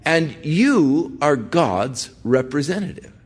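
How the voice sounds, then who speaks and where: A man's voice: on the high side, very animated, takes it slowly, breathy edge, faint music behind. An older man, a pastor, teaching through a Bible passage in an earnest, conversational way and putting direct questions to his listeners.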